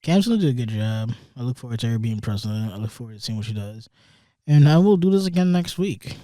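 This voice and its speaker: A man's voice: medium pitch, expressive, fast talker, mellow, dry recording. A young man hosting a solo podcast, rambling through casual commentary with lots of swearing and sarcastic asides, recorded in a studio. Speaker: podcast host.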